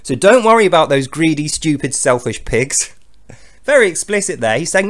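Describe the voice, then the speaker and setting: A man's voice: a little high, big pitch swings, normal speed. A man hosting a video, delivering a sarcastic, scornful commentary monologue with frequent chuckles. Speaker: video host.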